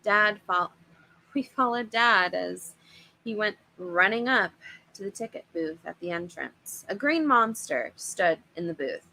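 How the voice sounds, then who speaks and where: A woman reading a children's horror book aloud in an expressive, animated way. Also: medium pitch, measured pace, vocal fry, low-quality recording. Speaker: storyteller.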